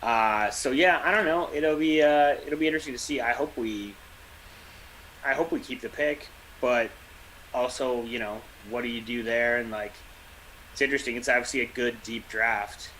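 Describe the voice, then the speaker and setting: Chatty guy with a bright voice. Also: mid-range voice, normal speed, a little hiss or hum, rough recording. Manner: rambling, chatty, dry jokes. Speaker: podcast co-host. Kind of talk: casual chat.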